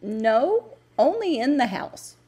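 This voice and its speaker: A woman's voice: sits high, sing-song, slow, dark tone, breathy edge, pitched above the performer's own voice, heavily acted. A woman voicing a curious young boy who keeps sneezing, raising her voice and drawing out her words in a storybook reading. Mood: puzzled.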